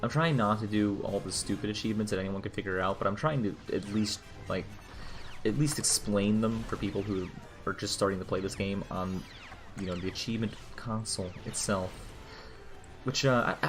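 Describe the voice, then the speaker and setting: A young man streaming a video game, rambling and joking casually, swearing freely, with keyboard typing nearby. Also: fairly low pitch. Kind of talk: casual gameplay commentary.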